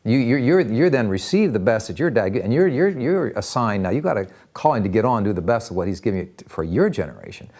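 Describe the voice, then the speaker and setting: An older man telling personal stories in an interview, animated, acting out voices and often repeating words as he talks. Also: lowish voice, fast talker, few pauses. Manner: lively, acts out voices in anecdotes, repeats words. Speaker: interviewee, counselor.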